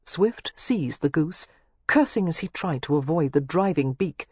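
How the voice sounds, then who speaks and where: An audiobook narrator reading a novel aloud in an expressive, scripted style. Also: a little slow, husky, no room sound. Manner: expressive, shifting pitch through the narration. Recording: dull lo-fi dry recording.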